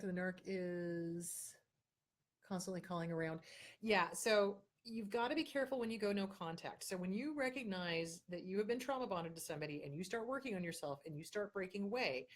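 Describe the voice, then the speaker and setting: Blunt, emphatic woman host. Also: mid-range voice. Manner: blunt and emphatic, repeats key points. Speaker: host answering viewer questions. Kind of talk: casual advice talk.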